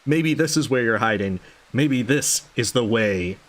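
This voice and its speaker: A man's voice: medium pitch, expressive, unhurried, natural voice. A man reading out the lines of an unhinged, sleepless male doctor in a game, rambling and swearing. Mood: ranting. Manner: rambling, swearing, paranoid muttering. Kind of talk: reading game dialogue aloud.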